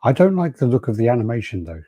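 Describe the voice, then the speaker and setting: Man, low mellow husky voice, dry sound, laid-back podcast host, reading viewer comments. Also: sing-song, fast, no room sound. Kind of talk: casual chat. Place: podcast studio.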